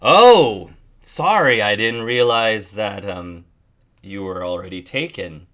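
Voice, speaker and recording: A man's voice: lowish voice, expressive, slow pace, fairly bright tone. Man doing a smarmy chameleon creep. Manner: pushy, smug, then flustered.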